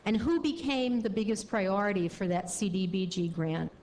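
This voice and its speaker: A woman's voice: medium pitch, moderate pace, a little mellow, a little hiss or hum. A woman speaking to a luncheon audience in a conversational, indignant way, with frequent fillers. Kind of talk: speech to an audience.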